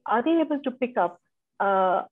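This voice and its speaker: Woman, moderator, counselor, agreeable, measured, tinny call audio. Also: fairly high pitch, expressive. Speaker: counselor and talk show moderator. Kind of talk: moderating a panel talk. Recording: tinny phone-like video call line.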